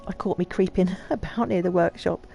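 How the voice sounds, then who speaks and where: A woman doing a gruff Cockney foreman. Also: on the low side, normal speed, warm tone, soft background music. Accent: put-on Cockney. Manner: gruff, blunt, coarse slang.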